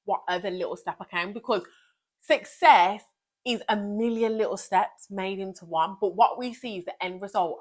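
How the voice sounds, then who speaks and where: A young woman who vlogs and teaches gives an energetic, emphatic motivational talk to the camera, often repeating key phrases. Her voice is mid-range.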